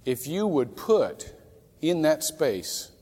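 A man preaching in a church with a long ringing reverb, his voice lively and sitting a little high. He swings from loud outbursts to hushed, near-whispered pleas. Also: takes it slowly, slightly rough. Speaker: pastor. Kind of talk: sermon. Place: church sanctuary.

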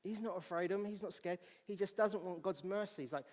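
A man with a Scottish accent preaching a sermon in church, reading scripture aloud and swinging from loud to hushed. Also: sits high, a little fast, big-room sound. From Scotland.

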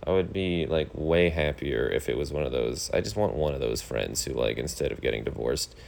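A thirty-year-old man hosting his own podcast, rambling through a casual monologue in a deadpan, complaining way, with lots of fillers. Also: extremely low pitch, brisk, creaky. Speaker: podcast host.

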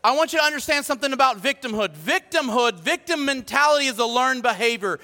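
A male pastor preaching a sermon in an animated, rallying way, repeating phrases. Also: very high-pitched, fast talker, gravelly, few pauses. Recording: reverberant hall.

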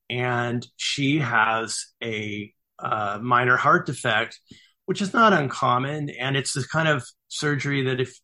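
A middle-aged man, an author guest on an interview, telling stories earnestly with halting restarts. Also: mid-range voice, bright, forceful tone. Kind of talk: conversational storytelling interview.

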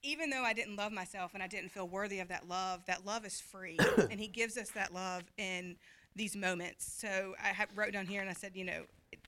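A woman in her thirties giving a candid, earnest personal testimony to a church group, talking fast at times and laughing easily. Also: mid-range voice, fairly even intonation, a bit bright. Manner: open and earnest, quick when anxious, laughs easily. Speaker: pastor's wife sharing her story.

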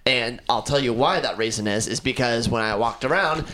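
A man's voice: mid-range voice, normal speed, bright, forceful tone. A young man co-hosting a podcast in casual chat, telling a rambling story full of restarts. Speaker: podcast co-host.

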